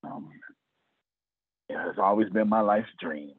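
A middle-aged man giving an animated business pep talk to his team, acting out conversations in shifting voices. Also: on the low side, a little slow, breathy edge, no room sound, phone-quality sound.

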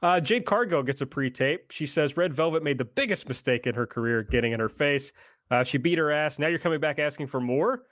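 A man's voice: on the high side, lively intonation, fairly quick, fairly bright tone, no echo, clean studio sound. A man in casual podcast chat, running through recaps steadily. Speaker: podcast co-host recapping the show.

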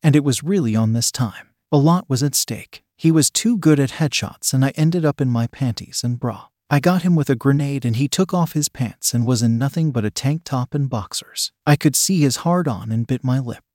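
Male narrator, steady erotic-story reading, medium pitch, dry close sound. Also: normal speed, few pauses, dry recording.

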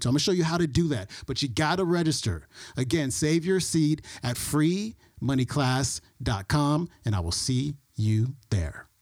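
A male podcast host giving a quick, salesy promotional pitch. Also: dry recording, clean studio sound.

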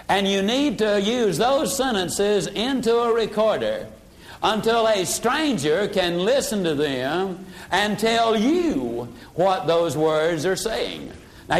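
An older man teaching a sales seminar in a folksy way, dropping his voice low for emphasis. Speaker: sales trainer. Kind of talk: motivational seminar talk.

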